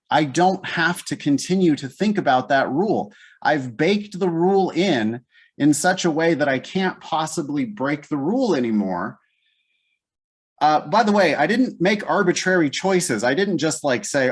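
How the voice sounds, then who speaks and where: A man's voice: mid-range voice, expressive, measured pace. A man leading a live test-prep class, thinking aloud step by step in a casual way. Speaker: LSAT teacher.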